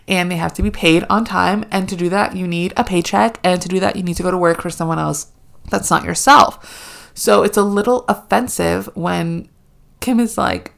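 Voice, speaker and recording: A young woman hosting a casual solo podcast, sarcastic and animated, swearing freely as she rants. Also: fairly low pitch, normal speed, gravelly. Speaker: podcast host.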